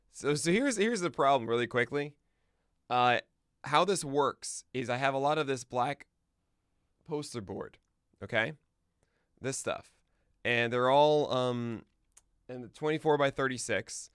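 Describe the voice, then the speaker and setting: A man hosting a podcast stream talks casually to himself and his chat, trailing off into mumbled asides. His voice is gravelly with fry yet smooth and resonant, recorded dry and close with no room sound. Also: mid-range voice, fairly bright tone, no room sound. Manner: thinking aloud, mumbling asides, quick laughs. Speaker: podcast host. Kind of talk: casual livestream chat before a show.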